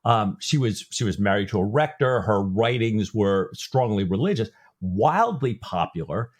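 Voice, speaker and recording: A man's voice: on the low side, animated, normal speed. A man co-hosting a book podcast, talking casually with frequent fillers and restarts. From grew up Lutheran, not Norwegian-speaking. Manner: conversational, many fillers and restarts. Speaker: podcast co-host.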